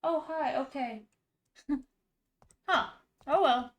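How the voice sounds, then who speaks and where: A woman's voice: high-pitched, slow. Sarcastic, sweary woman gamer. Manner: sarcastic, exclaiming, swears freely. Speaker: gaming streamer. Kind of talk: let's-play commentary.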